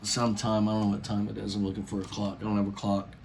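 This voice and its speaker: A man's voice: on the low side, completely flat delivery, fast talker, vocal fry, a little hiss or hum. Rambling middle-aged man vlogging on phone. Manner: meandering, lots of fillers and restarts; warm, earnest, laughs between phrases. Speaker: YouTuber. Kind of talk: rambling casual vlog.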